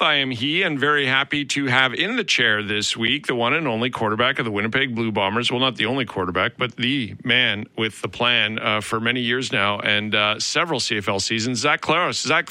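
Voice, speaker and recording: A man hosts a radio interview show in an upbeat, chatty way, his voice very bright and sharp. He sometimes trips over his words and restarts mid-question. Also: medium pitch, a little fast, few pauses, no room sound. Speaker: radio talk show host.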